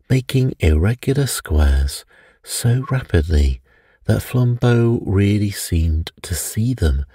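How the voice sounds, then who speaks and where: A man narrating a bedtime story softly and evenly, meant to help listeners sleep. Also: low voice, husky, dry recording. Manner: soft and even for sleep.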